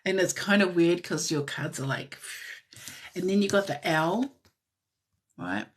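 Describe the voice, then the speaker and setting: A woman giving a live-stream tarot reading in a soft, musing way that drifts into whispers, with frequent light laughs. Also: on the low side, lively intonation, a little slow, a little hiss or hum. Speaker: tarot reader.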